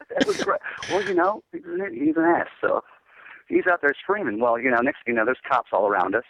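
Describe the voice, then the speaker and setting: A man's voice: mid-range voice, big pitch swings, brisk, fairly bright tone, low-quality recording. A man, a metal band's singer, chatting casually in an interview and telling rambling laid-back stories full of "dude". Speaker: metal band singer guest.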